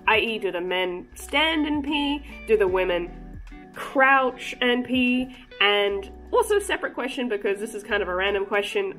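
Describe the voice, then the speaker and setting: A woman's voice: mid-range voice, a bit bright. A woman hosting a casual cryptid vlog, chatty and joking, breaking into giggly asides. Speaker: cryptid channel host.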